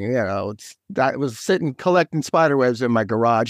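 A man's voice: medium pitch, lively intonation, normal speed, no room sound, studio quality. A man, a guest author, in casual faith talk, speaking eagerly and in scattered bursts with many restarts.

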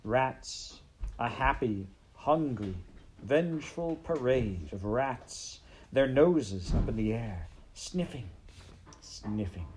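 A man reading a children's storybook aloud in a dramatic, measured way. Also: mid-range voice, expressive, a little mellow, slight background noise, rough recording. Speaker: audiobook narrator.

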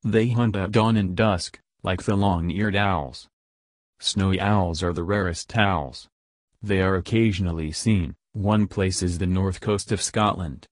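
Male podcast host, scripted narration, low voice, dry close sound. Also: no echo. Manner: even, informative reading.

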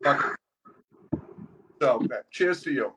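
A man's voice: medium pitch, animated, slow pace, a bit bright, rough recording. A man in casual chat, ranting bluntly and swearing a lot.

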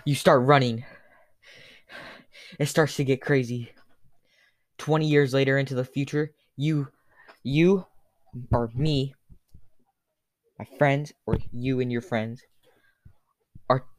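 A young man telling a rambling, absurd comic story in a crude, cursing, hurried way. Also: mid-range voice, fairly even intonation, dry recording.

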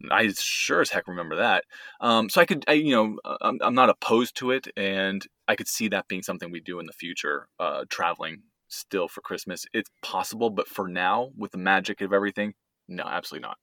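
A man in his thirties talks in a relaxed, rambling way on a podcast. His voice sits low but has a bright, forward edge. The sound is dry and close to the mic. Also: fairly quick, no room sound. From United States. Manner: easygoing, rambling, restarts often. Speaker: podcast co-host. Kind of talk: casual family chat.

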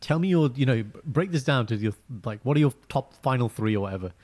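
Animated man telling a story. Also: medium pitch, fast talker. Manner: animated storyteller, acts out quotes. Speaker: podcast co-host. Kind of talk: casual chat.

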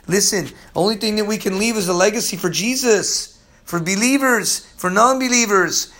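A man preaching a sermon as pastor, emphatic and streetwise, swinging from loud calls to low, quiet murmurs. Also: moderate pace.

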